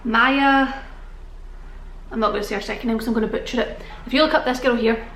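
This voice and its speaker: Young British woman vlogging, breathless and chatty, higher voice in a roomy space. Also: fairly even intonation, fairly quick, fairly bright tone. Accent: British English. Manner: chatty, rambling, laughing often. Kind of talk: casual chat to camera. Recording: echoey room.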